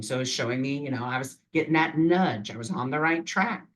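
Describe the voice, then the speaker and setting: A man's voice: medium pitch, expressive, a little fast, hardly any pauses, a bit bright, a little hiss or hum, rough recording. A man vlogging casually and encouragingly about imagination, rambling with many fillers. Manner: rambling, full of "you know" fillers; earnest and encouraging. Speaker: vlogger and spiritual reader. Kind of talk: casual motivational talk.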